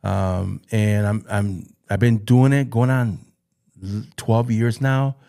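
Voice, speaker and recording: Earnest, halting man telling his story. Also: on the low side, fairly even intonation, vocal fry, mellow. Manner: earnest, halting, repeats phrases. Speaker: podcast guest, youth football coach. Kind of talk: emotional personal storytelling.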